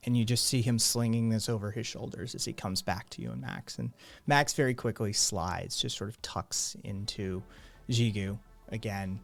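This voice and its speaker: A man's voice: mid-range voice, vocal fry. A man running a tabletop game as game master, narrating scenes unhurriedly with hesitant fillers.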